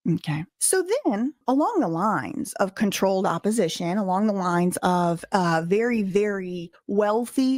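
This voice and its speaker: A woman talks directly to her viewers in a commentary video. She hammers her points home by repeating them. Her voice sits at a middle pitch and the recording is dry. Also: no echo. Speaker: drama commentary youtuber.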